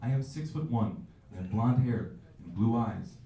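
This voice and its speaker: On a club stage, a young man in his twenties does stand-up in a warm, mid-range voice that's expressive and normally paced. The delivery is loose and self-deprecating with sudden character voices, captured as echoey audio from afar.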